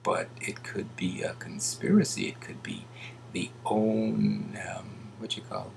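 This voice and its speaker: A man giving a rambling casual monologue, swinging between loud bursts and hushed asides and mocking others in put-on voices. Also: fairly low pitch, big pitch swings, slow, gravelly, slight background noise.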